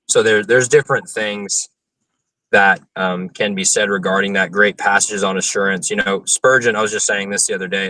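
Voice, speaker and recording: A man's voice: fairly low pitch, sharp tone, no echo, far from the mic, low-quality recording. A young man, an open-air preacher, earnestly answering interview questions about theology, with frequent fillers and restarts.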